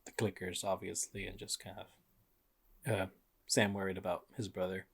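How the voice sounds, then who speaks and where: Co-host, young adult man, somewhat low voice, easygoing recapper, lots of ums and likes. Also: level tone, normal speed, gravelly, husky. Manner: laid-back recapping, many fillers like um and like. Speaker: podcast co-host. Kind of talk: casual chat.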